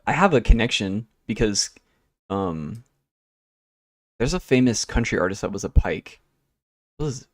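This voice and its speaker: A man's voice: on the low side, darkish tone, no echo, studio quality. A young man streaming, chatting casually and rambling while he works, with easygoing talk and casual swearing. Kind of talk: casual chat while working.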